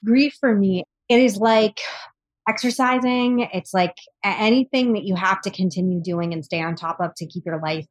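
A woman's voice: mid-range voice, moderate pace. A woman guest on a podcast, speaking earnestly and reflectively about grief, often breaking into short laughs. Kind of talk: candid conversational interview.

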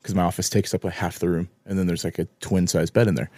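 A man's voice: low-pitched, little pitch movement, quick pace, dark tone, no room sound. A man in his thirties co-hosting a podcast, easygoing and chatty, laughing often. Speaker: podcast co-host. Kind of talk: casual chat.

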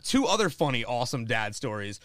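A man's voice: medium pitch, big pitch swings, fairly quick, a bit bright, no echo, clean studio sound. A young man from Florida, telling a rambling, profane story in casual chat, full of "like" and swearing. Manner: rambling, heavy filler "like", swears a lot.

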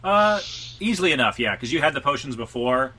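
A man's voice: mid-range voice, a little fast, poor audio. A man running a tabletop game as dungeon master, narrating loosely with many fillers. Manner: relaxed, filler-heavy narration.

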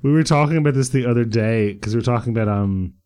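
A man's voice: mid-range voice, fast talker, darkish tone, smooth. A man co-hosting a podcast in casual, joking chat, teasing his friend. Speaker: podcast co-host.

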